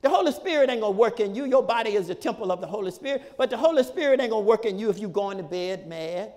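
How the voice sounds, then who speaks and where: A male pastor preaching a sermon in a folksy, repetitive style, with shouted peaks and laughter between points. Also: high-pitched, animated, quick pace, big-room sound. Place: church sanctuary.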